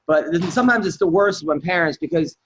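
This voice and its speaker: A man's voice: on the high side, brisk, a bit bright, a little hiss or hum. A man hosting a casual podcast chat, loose and filler-heavy as he prompts his guests. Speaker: podcast host.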